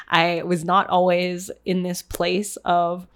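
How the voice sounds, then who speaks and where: A woman's voice: on the low side, level tone, takes it slowly. A young adult woman from Canada, casually telling a personal story to her viewers, candid and rambling, laughing at herself. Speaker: vlogger sharing personal story.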